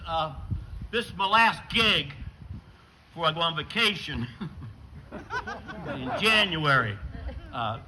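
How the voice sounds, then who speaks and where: An older man from western New York doing a stand-up comedy set outdoors, telling stories in a deadpan way and acting out the dialogue. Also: on the high side, low-quality recording. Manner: deadpan storytelling with acted dialogue bits. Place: outdoor show with a live audience.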